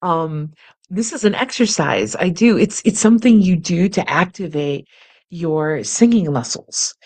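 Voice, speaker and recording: A singing teacher sits in a chair in her home studio, hosting an on-camera somatic exercise lesson. Her voice is on the low side and darkish, expressive but unhurried. With a playful manner and frequent laughter, she demonstrates the exercises through vocal sounds.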